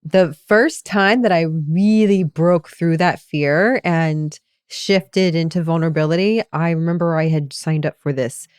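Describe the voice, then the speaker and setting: A woman's voice: sits low, measured pace, darkish tone, smooth, no room sound, studio quality. A woman co-hosting a podcast as a meditation coach, telling a personal story in a reflective, casual way.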